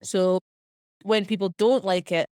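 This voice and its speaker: A young Scottish woman chats loosely as a podcast guest, scattering fillers and little laughs through her talk. Her voice sits at an ordinary middle pitch. The recording is close and dry, with no room sound. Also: fairly even intonation, a little mellow, no echo. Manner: chatty, filler-heavy, quick self-deprecating laughs. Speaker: comedian and actor guest. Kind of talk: casual podcast interview.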